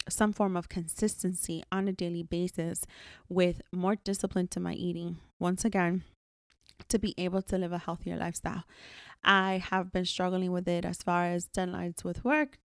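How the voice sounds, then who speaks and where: Woman hosting her own pod solo, blunt and hyped, kinda low voice, swears a lot. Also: no echo, studio quality. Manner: candid, emphatic, swears freely. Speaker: podcast host. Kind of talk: solo podcast monologue.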